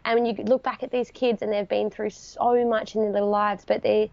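A woman's voice: medium pitch, level tone, a little fast, gravelly, a little mellow, no room sound, highs cut off. Heartfelt woman sharing a story. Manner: heartfelt, tearful at moments, talks through laughs. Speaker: podcast guest. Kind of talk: emotional storytelling interview.

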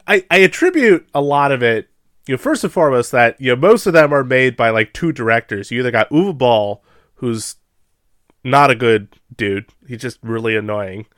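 A man co-hosting a casual podcast chat, easygoing and chuckling, with quick asides. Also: mid-range voice, fairly bright tone, clear, resonant tone, no room sound, studio quality. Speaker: podcast co-host.

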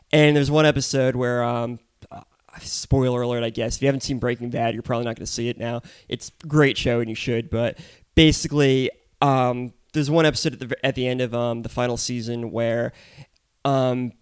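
A man's voice: medium pitch, clear, resonant tone, dry recording. A man co-hosting a casual podcast, ranting and swearing, often mocking others in put-on voices. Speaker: podcast co-host. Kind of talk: casual profane chat.

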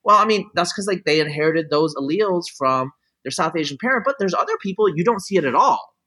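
A man's voice: sits high, lively intonation, fast talker, sharp tone, breathy edge, low-quality recording. A middle-aged man in casual conversation, explaining his views at length in looping sentences full of fillers and restarts. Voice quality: talks in looping restarts with many "like" and "you know" fillers. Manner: explanatory, opinionated.

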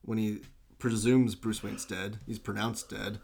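A man's voice: on the low side, unhurried, creaky, husky. A man in casual podcast chat, recapping a film with laughter and loose impressions of its characters. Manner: animated, laughing, acts out movie lines in loose impressions. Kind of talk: casual movie discussion.

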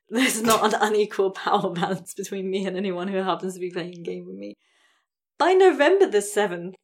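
A woman hosting a podcast, telling a story in a casual chatty way with frequent laughs and hedges. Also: medium pitch. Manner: chatty, laughs often, many hedges like "sort of". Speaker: podcast host.

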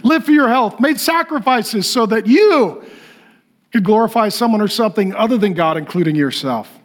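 High-voiced man preaching with animated humor. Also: moderate pace. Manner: animated storytelling, laughing often. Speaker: pastor. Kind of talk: humorous sermon.

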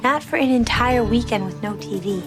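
A woman's voice: fairly high pitch, moderate pace, close to an everyday voice. An actress playing a teenage girl who pleads and bargains with her best friend in a TV drama clip. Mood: pleading. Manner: pleading, chatty. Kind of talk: TV drama dialogue. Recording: TV clip with music behind.

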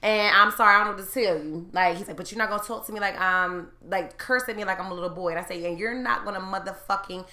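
Thirties woman, loud and foul-mouthed storyteller, bright forceful voice, echoey room. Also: lowish voice, fast talker, hardly any pauses. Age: 30s. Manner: loud, profane and animated, rising to shouts when heated. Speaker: storyteller in a group chat. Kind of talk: casual chat, telling a story.

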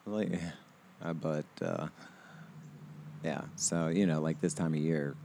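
A man's voice: a bass voice, slow pace, dark tone, a little hiss or hum. A man in his thirties chatting casually on a podcast outdoors, rambling with lots of fillers and restarts and laughing often. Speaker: podcast host. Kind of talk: casual chat.

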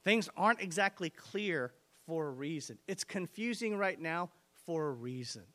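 A man's voice: on the high side, expressive, moderate pace, fairly bright tone. A man preaching a sermon with energy and emphasis, reading scripture and putting direct questions to his listeners. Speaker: pastor.

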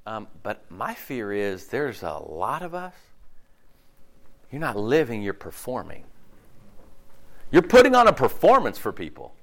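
A man preaching a sermon in an animated, conversational way, acting out voices as he talks. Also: fairly low pitch, measured pace, vocal fry, long pauses. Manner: animated, acts out quoted voices, swings loud and quiet.

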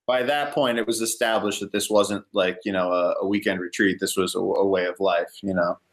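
A young man casually telling a story in an interview, rambling and relaxed, with many "like" fillers. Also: low-pitched, a little fast. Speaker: guest, ecotourism company owner.

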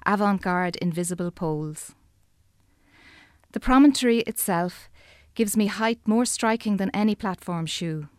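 An Irish woman reads her own poem aloud, measured and expressive. Her voice is smooth and clear, in a mid range, and the recording is dry and close. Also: mid-range voice, no room sound. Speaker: poet. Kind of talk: poetry reading.

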